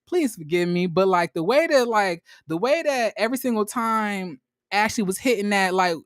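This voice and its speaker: Recapping a reality show, a man delivers a casual, slangy, animated monologue, breaking into high squeals whenever he acts out quotes. He speaks at a moderate pace, and the recording is dry and studio quality.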